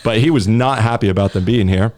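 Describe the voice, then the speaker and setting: A man's voice: lowish voice, fast, darkish tone. Joking young man telling stories. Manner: joking, storytelling, jumps into mock voices. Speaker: podcast co-host. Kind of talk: casual chat.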